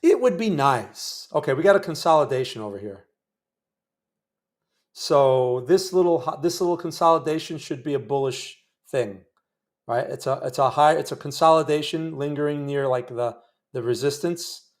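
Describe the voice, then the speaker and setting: A man's voice: on the high side, animated, normal speed. Chatty, wry man narrating live trades. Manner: chatty, wry, talks to viewers while trading. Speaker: day trading livestream host. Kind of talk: live trading commentary.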